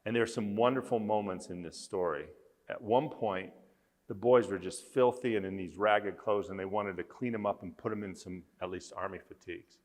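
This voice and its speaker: A man's voice: fairly low pitch, moderate pace, big-room sound. A man speaking as a conference speaker, earnestly telling a story with emphasis. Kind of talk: storytelling talk.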